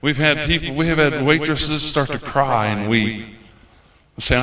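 A man preaching with fervor in a folksy, repetitive way. His voice is bright and forceful. It rings out through a roomy church hall. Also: medium pitch, steady tone, measured pace. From United States. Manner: folksy, repeats phrases, fervent. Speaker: visiting preacher. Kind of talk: sermon.

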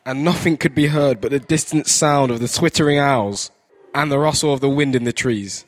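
A man's voice: mid-range voice, moderate pace. A man telling a children's story in church in an easygoing way. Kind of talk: read-aloud storytelling.

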